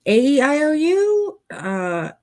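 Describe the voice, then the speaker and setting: A woman putting on a shy, unsure client with a voice pitched well up. Each sound trails off in an anxious questioning lilt. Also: very animated, slow pace, a little mellow, heavily acted. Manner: hesitant, questioning rises. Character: nervous unsure adult client, hesitant.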